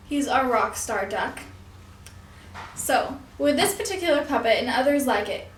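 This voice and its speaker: A young woman with a high, somewhat bright voice gives an instructional puppetry demonstration, now and then catching and correcting herself. There's a little hiss or hum, and the room is echoey.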